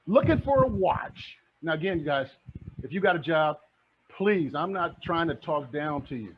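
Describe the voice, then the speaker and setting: Speaking at a measured pace with lively intonation, a middle-aged real estate mentor with a voice on the high side delivers a fired-up motivational presentation, repeating points like a preacher. The muffled lo-fi audio carries background noise.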